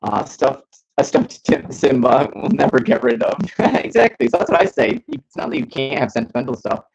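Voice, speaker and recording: A young man hosting a casual live stream, chatting and giving friendly advice in a relaxed way. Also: medium pitch, moderate pace, gravelly, slight background noise. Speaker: host. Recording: dull lo-fi stream audio.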